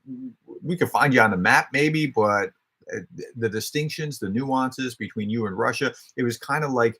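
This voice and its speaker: A man's voice: mid-range voice, normal speed, bright, forceful tone, husky. A man hosting a casual question-and-answer stream, explaining his views in a conversational, thinking-aloud way with frequent restarts. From United States. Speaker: host answering viewer questions.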